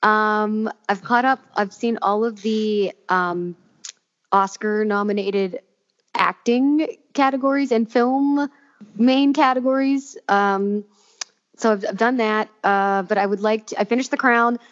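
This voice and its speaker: A woman's voice: medium pitch, measured pace, lo-fi sound. A woman co-hosting a podcast in casual chat, rambling with fillers and restarts. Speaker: podcast co-host.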